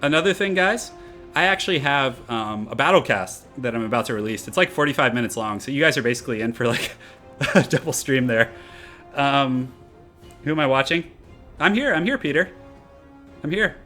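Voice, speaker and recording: A man's voice: mid-range voice, brisk, bright, forceful tone, soft background music. A young man chatting casually on a live game stream, upbeat and chatty as he answers comments from his viewers at his home computer.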